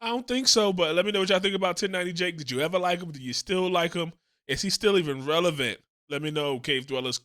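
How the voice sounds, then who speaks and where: A man hosting a casual reaction commentary show, animated and speculative, swearing freely as he talks. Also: fairly high pitch, fast talker. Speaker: YouTube commentary host.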